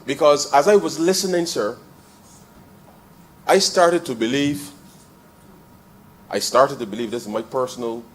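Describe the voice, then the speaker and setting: A man with a Barbadian accent giving a parliamentary debate speech in the chamber, calling the chair "sir" almost every phrase and repeating lines as he builds to forceful points. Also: mid-range voice, unhurried, long pauses. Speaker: member of parliament.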